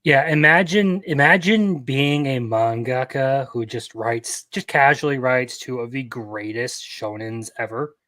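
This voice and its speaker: A young man co-hosting a casual podcast, speaking in a relaxed, easygoing way with frequent ums. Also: medium pitch, measured pace, hardly any pauses, no room sound. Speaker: podcast co-host. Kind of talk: casual chat.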